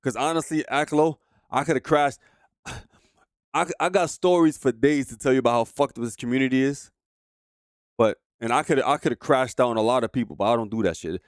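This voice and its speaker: A man's voice: medium pitch, brisk, dry recording, studio quality. A man streaming live, talking heatedly and profanely to his chat as he reacts to a video. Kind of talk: casual livestream commentary.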